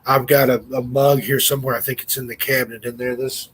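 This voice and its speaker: A man's voice: medium pitch, little pitch movement, quick pace, a bit bright, breathy edge. A man chatting casually on a podcast in a laid-back, joking way. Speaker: podcast co-host and guest. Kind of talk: casual chat.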